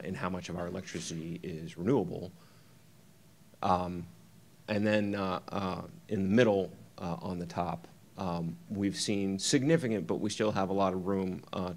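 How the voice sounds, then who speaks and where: Brief: man, deep voice, conference keynote speaker, halting delivery full of fillers. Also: darkish tone. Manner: halting, many ums and uhs, talks through slides.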